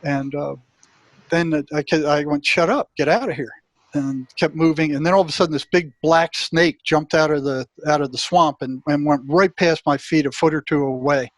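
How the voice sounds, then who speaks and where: A man's voice: a little high, fairly even intonation, moderate pace, no echo. Older man telling a long story, dry sound. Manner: rambling, repeats words, acts out his inner voices. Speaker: guest, retired psychotherapist. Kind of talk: storytelling in an interview.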